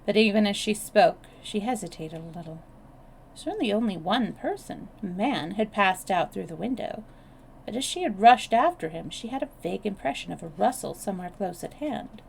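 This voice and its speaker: Gravelly-voiced woman reading a novel. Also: medium pitch, normal speed, a little hiss or hum. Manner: steady reading with small restarts. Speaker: storyteller. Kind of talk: reading a novel aloud on a live stream.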